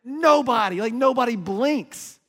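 Animated man preaching in a big hall. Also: very high voice, a little slow. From United States. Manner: animated, emphatic, many restarts. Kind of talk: sermon storytelling. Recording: reverberant hall.

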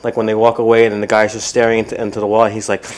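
A man co-hosting a comedy podcast, teasing his co-host with quick banter. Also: on the low side, completely flat delivery. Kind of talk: casual comedy podcast chat.

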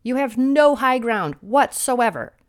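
A woman's voice: expressive, slow. A woman in her thirties delivering a sarcastic, mocking political commentary monologue, a little sniffly, lecturing her listeners. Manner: mimics opponents in shrill voices.

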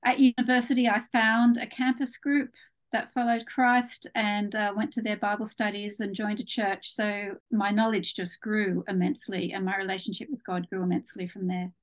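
A woman with an Australian accent softened by years in England, answering interview questions about her faith in an earnest, measured way over a call. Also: medium pitch, flat delivery. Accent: Australian with some English influence. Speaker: guest author. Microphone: phone or video call from home.

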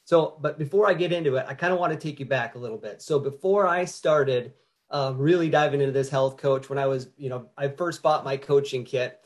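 A man's voice: mid-range voice, a little fast. A man as a guest health coach, talking casually and friendly with some hesitation. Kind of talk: casual talk.

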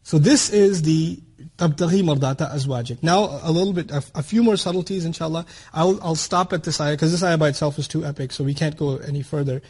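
A man teaching a religious lecture on scripture, explaining lively and acting out little scenes, often checking in with rhetorical questions. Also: a little high, fairly quick, hardly any pauses, breathy edge. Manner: animated, explanatory, acts out quotes, asks rhetorical questions. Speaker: Quran teacher.

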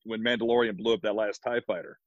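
Easygoing Midwestern man, mid-pitched, muffled dry recording. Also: fairly even intonation, quick pace, no echo. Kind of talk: casual chat.

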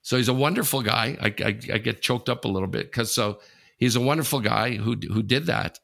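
A man's voice: medium pitch, brisk, vocal fry, fairly bright tone. A man hosting a casual podcast, telling a frank personal story, swearing freely and turning to his co-host as he talks.

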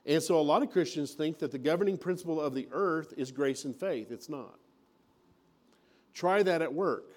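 Folksy preaching man, slightly high voice. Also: moderate pace, darkish tone. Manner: folksy preaching with acted-out mini scenes. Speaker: pastor. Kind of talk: sermon.

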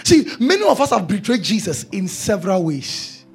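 A man's voice: high voice, sing-song, normal speed, vocal fry, husky. A male preacher delivering a sermon, emphatic and repeating his key phrases.

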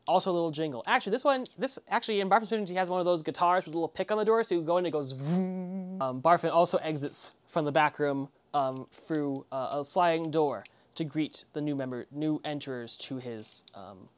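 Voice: mid-range voice, fast, hardly any pauses, smooth. A game master narrating a tabletop game, with a loose, rambling delivery. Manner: rambling, many fillers and restarts.

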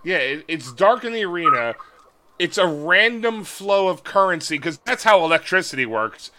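A man's voice: high voice, sing-song, moderate pace, pushed and bright. A man co-hosting a podcast, bantering casually and playfully stubborn in his jokes. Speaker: podcast co-host.

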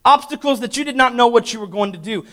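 A man preaching a sermon as pastor, calling out to the congregation and swinging between loud emphatic peaks and hushed asides. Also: very high-pitched, quick pace. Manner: preaches with call-and-response to the congregation. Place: church.

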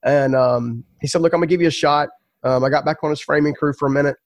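A man's voice: a little high, fairly even intonation, quick pace, no echo, studio quality. A man telling his story as a podcast guest, earnest and emphatic, often repeating words.

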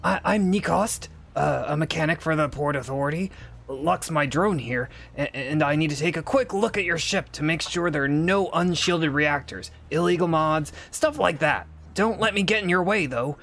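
A man voicing a nervous male port mechanic who stammers and rushes to sound helpful, in a raised pitch. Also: vocal fry, fairly bright tone. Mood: nervous friendly. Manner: stammering, rushed, over-eager.

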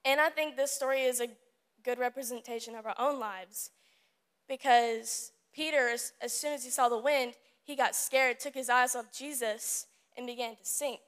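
A woman's voice: on the high side, steady tone, normal speed, fairly bright tone, clean tone. Earnest young woman giving a youth devotional. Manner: earnest, casual and repetitive. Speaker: youth service speaker. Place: room with a youth audience.

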